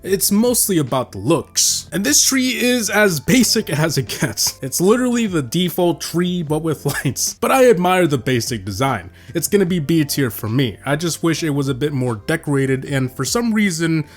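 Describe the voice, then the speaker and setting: A man's voice: fairly high pitch, big pitch swings, moderate pace, few pauses. A man giving casual, joking tier-list commentary as a gaming video creator, swearing now and then.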